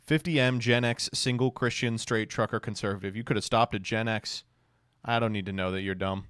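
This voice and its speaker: A man streaming casual commentary, reacting to clips with sarcastic, deadpan mock praise. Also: lowish voice, brisk, smooth, no room sound, clean studio sound.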